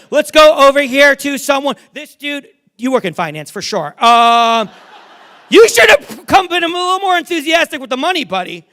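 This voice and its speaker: A man's voice: very high voice, sing-song, normal speed, sharp tone. A middle-aged man performing live stage magic in a theater, bantering with the crowd in a brash, joking, swearing way. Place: large theater stage before a live audience.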